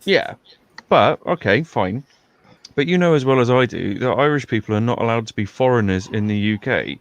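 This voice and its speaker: A man's voice: medium pitch, lively intonation, normal speed, muffled recording. Laid-back guy, average voice, kinda stumbles into his sentences. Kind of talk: casual chat.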